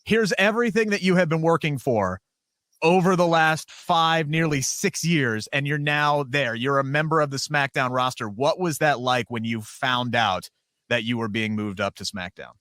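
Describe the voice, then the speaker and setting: A man's voice: medium pitch, normal speed, a bit bright, no room sound, studio quality. A man hosting a wrestling podcast, asking long, chatty questions in a casual interview.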